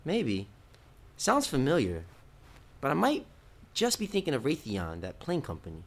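A man's voice: medium pitch, wildly swooping pitch, moderate pace, slight background noise. An actor playing a protective adult son who teases his housemates and stands up for his mother.

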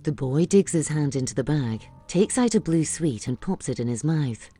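A woman reading scripted audio description of a film, calm and even. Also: low-pitched, normal speed, slightly rough, soft background music.

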